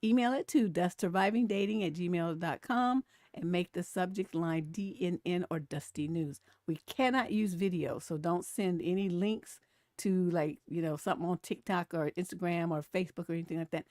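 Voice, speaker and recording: Woman host over forty, casual animated live-stream commentary, dry close recording. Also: lowish voice, normal speed, no room sound. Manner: chatty and animated, laughs often, reads comments aloud.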